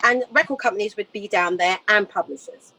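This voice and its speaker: A British woman in her fifties, a singer telling rambling, lively stories in a casual interview and laughing often. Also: medium pitch, fairly quick, a little hiss or hum. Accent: British English. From Britain. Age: 50s. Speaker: singer guest. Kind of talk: casual storytelling chat.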